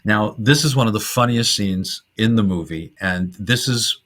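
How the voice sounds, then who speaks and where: A man's voice: fairly low pitch, moderate pace, fairly bright tone. A middle-aged man hosting a podcast, casually and enthusiastically retelling old comedy film scenes and laughing often. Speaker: podcast host.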